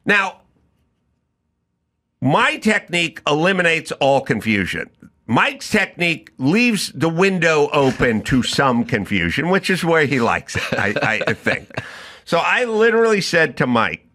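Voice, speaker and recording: A man's voice: a little high, big pitch swings, measured pace, sharp tone. A middle-aged man hosting a talk show, telling a comedic story and acting out both sides of the conversation. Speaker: podcast host.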